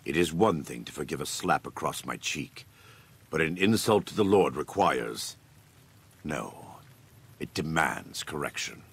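An actor playing a stern, scripture-quoting warrior preacher in a video game, speaking slowly and solemnly with a gravelly, husky voice. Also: male voice, very deep voice, lively intonation, fairly bright tone, exaggerated voice. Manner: slow, measured, solemn delivery.

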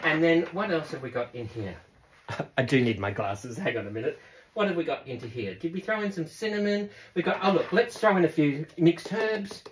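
A woman's voice: low-pitched, expressive, moderate pace, slight background noise. A woman, chatty and laughing often as she demonstrates cooking to viewers, now and then breaking into sing-song.

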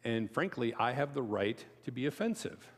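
A man's voice: very animated, normal speed. Chatty man preaching in a reverberant hall. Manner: storytelling, chatty asides to the congregation; acts out quoted voices with sharp pitch jumps. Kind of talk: conversational sermon. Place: church sanctuary. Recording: long reverb of a church hall.

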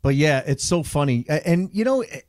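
A man's voice: fairly high pitch, animated, fairly quick, a little mellow, no echo. Guy hosting a comedy podcast, chatty, curses a bit, dead dry mic. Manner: chatty, swears casually. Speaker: podcast host. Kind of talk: casual chat.

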